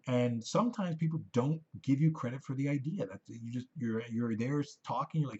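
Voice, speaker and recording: Guy ranting on his vlog, swears a lot, dark husky voice. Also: mid-range voice, moderate pace, hardly any pauses, lo-fi sound. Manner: rambling, profane, heated. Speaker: vlogger. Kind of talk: rambling monologue to camera.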